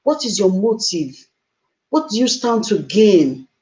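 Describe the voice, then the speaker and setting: A woman's voice: mid-range voice, big pitch swings, measured pace, darkish tone, rough recording. A woman hosting a live stream, talking to viewers in a distressed, emotional, exclaiming way. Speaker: livestream host.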